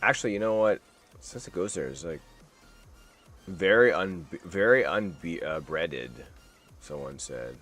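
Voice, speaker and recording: A man's voice: deep voice, lively intonation, measured pace, pauses often, a bit bright, soft background music. A man hosting a live stream, reacting to news in a rambling, wisecracking way and swearing freely. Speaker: streamer host.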